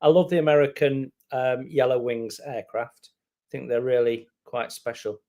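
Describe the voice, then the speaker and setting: A man's voice: medium pitch, fairly even intonation, mellow. A man co-hosting a charity auction, calling out the bids and teasing the bidders in casual chat. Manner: joking, teasing, brisk. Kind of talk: casual live-stream chat.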